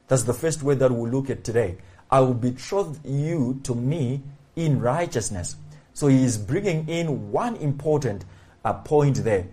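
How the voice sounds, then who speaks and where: Mellow-voiced man preaching emphatically. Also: mid-range voice. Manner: emphatic, repeats key phrases. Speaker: pastor. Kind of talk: sermon.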